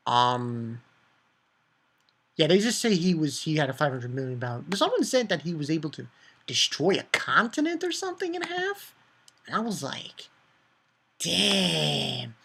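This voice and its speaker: Excitable, foul-mouthed man reviewing manga. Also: fairly high pitch, normal speed. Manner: excitable, profane, rambling with many fillers. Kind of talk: casual chapter review.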